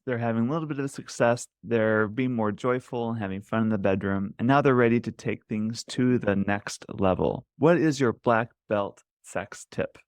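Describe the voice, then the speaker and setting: A man's voice: medium pitch, smooth, dry recording. Affirming man hosting, dry sound. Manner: affirming, asks questions with frequent agreement sounds. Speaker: podcast host. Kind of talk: conversational podcast interview.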